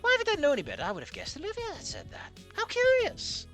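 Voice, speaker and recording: A reader putting on a male alien teacher with a patient, gently snarky manner. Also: extremely high pitch, huge pitch swings, fast, faint music behind, pitched above the performer's own voice, exaggerated voice. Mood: wry.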